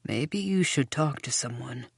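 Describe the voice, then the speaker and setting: A woman narrator voicing a suspicious man she calls the goblin, speaking low and probing, in a slow audiobook reading. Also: expressive, no echo, studio quality. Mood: hushed. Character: suspicious middle-aged man nicknamed the goblin.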